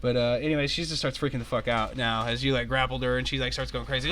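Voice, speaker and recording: A young man runs a tabletop game in a loose, rambling way and laughs often. His voice is bright and forceful. Faint noise sits behind him. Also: medium pitch, steady tone, quick pace, hardly any pauses. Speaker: game master. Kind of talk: running an online tabletop game.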